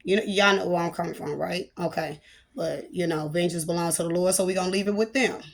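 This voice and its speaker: A woman's voice: on the low side, fast, creaky. Playful, chatty woman preaching. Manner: playful, chatty, breaks into laughter and church exclamations. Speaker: prophetess. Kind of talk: spoken prophetic message, casual preaching.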